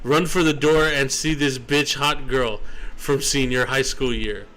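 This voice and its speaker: A man's voice: medium pitch, steady tone, pushed and bright, low-quality recording. A man hosting a stream, chatting casually and reading stories aloud, laughing as he reads. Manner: laid-back, drawn-out delivery, laughs through reading. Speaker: streamer and host.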